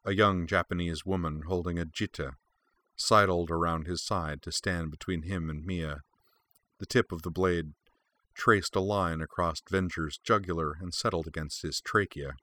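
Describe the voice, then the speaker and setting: A man reading a story aloud as narrator, with steady, measured storytelling. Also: sits low, no room sound. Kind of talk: fan fiction read aloud.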